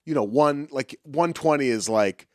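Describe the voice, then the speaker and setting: A man's voice: medium pitch, moderate pace, a little mellow, no echo, clean studio sound. A man in his forties talking casually on a podcast, rambling with many fillers. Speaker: comedian guest.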